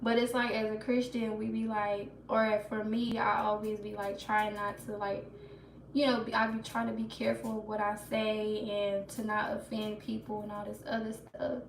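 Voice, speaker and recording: A woman's voice: mid-range voice, monotone, normal speed, vocal fry, slight background noise. A woman hosting a casual livestream, chatting to viewers and laughing nervously. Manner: laughs nervously, talks to chat, restarts. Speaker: livestream host. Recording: roomy echo, mic a bit far, faint ambience.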